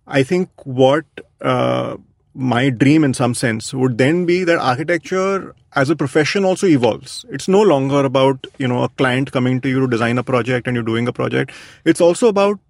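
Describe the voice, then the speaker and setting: A man with a slightly gravelly voice talks through his ideas reflectively. He hesitates and fills pauses as he thinks. The sound is dry and close. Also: medium pitch, no room sound. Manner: thoughtful, hesitant, many fillers. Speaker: architect guest. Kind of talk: reflective interview talk.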